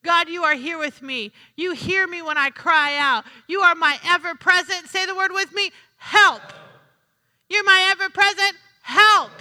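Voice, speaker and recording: A woman preaching to her congregation in a very high, piercing voice, her words ringing out through a church hall with a long reverb. She works the room with call-and-response and says key lines twice. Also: moderate pace, few pauses, bright, forceful tone. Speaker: pastor. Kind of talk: sermon. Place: church sanctuary.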